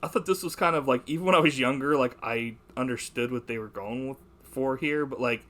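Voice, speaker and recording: A man's voice: medium pitch, brisk, a bit bright. A young man hosting a podcast, chatting casually about a movie, rambling, swearing and laughing as he quotes lines. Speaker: podcast host.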